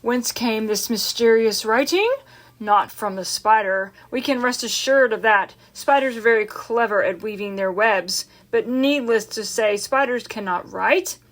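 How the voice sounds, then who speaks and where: A pompous county-fair announcer makes his speech in slow, ceremonious phrases. A woman reads him in a bright, fairly high voice. Every word is weighed and stately. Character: male fair announcer on a loudspeaker, formal and pompous.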